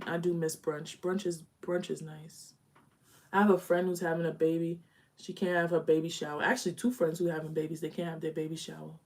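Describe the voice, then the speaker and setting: A young woman with a slightly low voice chats her way through a live makeup session from home. She is candid and easygoing, talking while she blends eyeshadow. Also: darkish tone. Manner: chatty, candid, talks while applying makeup. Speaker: beauty vlogger. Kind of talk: casual live makeup chat.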